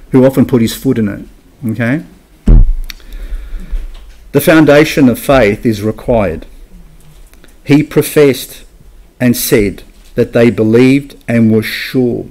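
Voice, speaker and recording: A man's voice: mid-range voice, a little mellow. A man preaching a sermon in a church, emphatic and asking his congregation rhetorical questions. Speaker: pastor.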